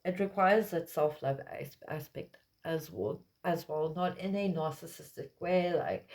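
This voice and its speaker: A woman's voice: low-pitched, measured pace, hardly any pauses, a little mellow. A woman giving a casual collective tarot reading, talking in a meandering way with lots of fillers. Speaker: tarot reader.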